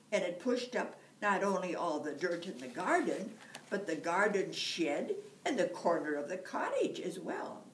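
A woman storyteller reads a folktale aloud at a slow, unhurried pace. Her pitch moves in a lively way as she tells it. The recording is distant and echoey, with faint room noise behind. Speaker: library storyteller. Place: library room.

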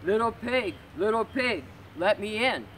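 A woman voicing a greedy big bad male wolf in a storybook reading, loud and drawn-out, huffing her words. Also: mid-range voice, expressive, a little hiss or hum, voice pushed up. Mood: menacing.

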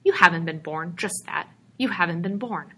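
A woman's voice: fairly low pitch, normal speed, bright, forceful tone, slightly rough, full character voice, low-quality recording. A woman reading aloud, voicing a little middle-aged male stranger who is a patient, coaxing brush peddler. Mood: delighted.

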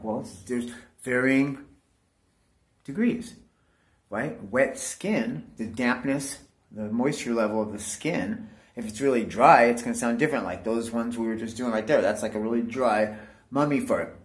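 Male vlogger, loose rambling talk to camera, heavy swearing, keeps saying "dude", mid-pitched voice. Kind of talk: casual rambling monologue to camera.

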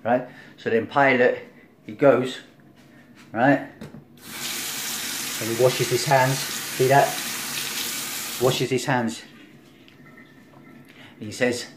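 A man giving an informal sermon in a conversational style. He checks in with "right?" often, acts out the voices in the story, and swings between loud, emphatic stretches and quiet, low lines. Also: fairly even intonation, extremely slow, pauses often, noisy background. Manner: conversational, keeps asking "right?", acts out crowd and Pilate. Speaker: preacher.

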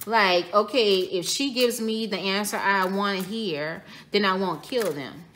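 A woman's voice: medium pitch, unhurried, fairly bright tone. A woman giving a tarot reading for her viewers, speaking casually, speculating aloud and repeating her phrases. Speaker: tarot reader.

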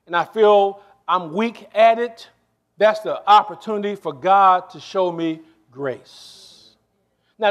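A male pastor preaching a sermon to his congregation, stressing lines slowly and then rushing through asides, and often asking the room for a response. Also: sits high. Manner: shifts between slow stressed phrases and quick asides.

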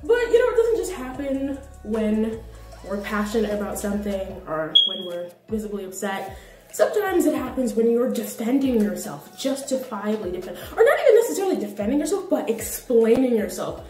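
A young woman in her twenties telling stories in a casual vlog monologue, animated and laughing through her points. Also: a little high, moderate pace. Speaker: vlogger. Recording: roomy echo, distant from the mic, faint music.

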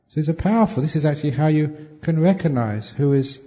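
A man's voice: a little high, lively intonation, quick pace, dark tone. A man giving a humorous dharma talk as a meditation teacher, answering questions with jokes and chuckles. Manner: playful, jokey storytelling with chuckles. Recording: long reverb from a large hall.

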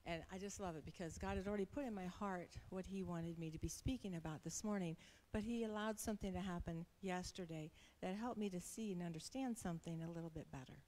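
A middle-aged woman speaking at church, telling a personal story in a sermon with animated, laughing delivery. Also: on the low side, fast, big-room sound.

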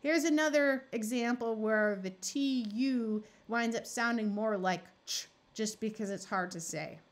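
Slow, explaining woman tutor. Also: a little high. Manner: slow, explaining, sounds out words. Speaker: reading tutor. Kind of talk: phonics lesson.

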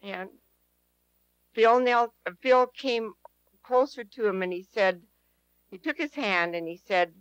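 A woman's voice: on the high side, takes it slowly, long pauses, clear, resonant tone, dry recording, dull audio. A woman telling a personal testimony to an audience in an earnest, emphatic way, repeating her key phrases. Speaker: speaker at a prayer teaching session.

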